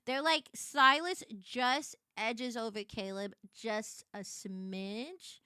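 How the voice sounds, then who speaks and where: Bright lively young woman streamer, casual chat, dry close mic. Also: fairly high pitch, slow pace, clear, resonant tone, no echo. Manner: animated, laughing, shrieks when excited.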